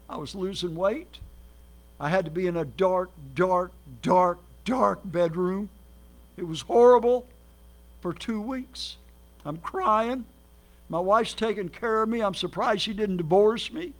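A man preaching as a guest, telling his life story with lively acted quotes and sudden swings between loud and soft. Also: high voice. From Minnesota, United States. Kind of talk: sermon.

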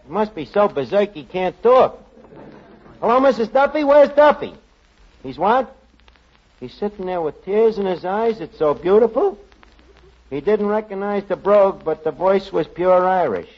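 An actor playing a brash, scheming male bartender in a 1940s radio comedy, talking fast and wisecracking. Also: high voice, expressive. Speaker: show's lead character. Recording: dull old radio broadcast before an audience.

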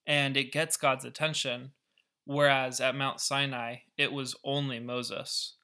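A man's voice: medium pitch, level tone, a little slow, bright, forceful tone, smooth. A man and podcast host who explains a scripture story in a casual, wry way, with asides. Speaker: podcast Bible teacher.

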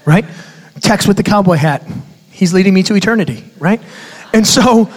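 A man, a youth pastor, giving a sermon with animated storytelling and conversational asides to his audience. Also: sits high, moderate pace, long pauses. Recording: reverberant hall.

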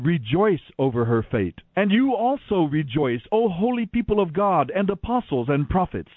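A man giving a dramatic, expressive scripture reading on radio, heard over tinny lo-fi audio. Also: a little high, no echo. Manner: expressive, declaiming delivery. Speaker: Bible reader on radio.

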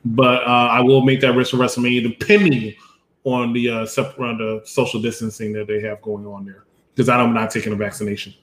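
A man hosting a casual wrestling review show who rattles off quick lists and breaks into ranting with swearing. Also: medium pitch, flat delivery, a bit bright, low-quality recording. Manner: talks in quick lists, then rants with swearing. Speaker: podcast host.

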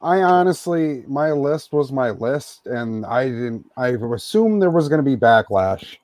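A man's voice: medium pitch, a little mellow, no echo. A man co-hosting a podcast, ranting angrily with lots of swearing and mocking impressions. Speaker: podcast co-host. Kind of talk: profane ranting podcast chat.

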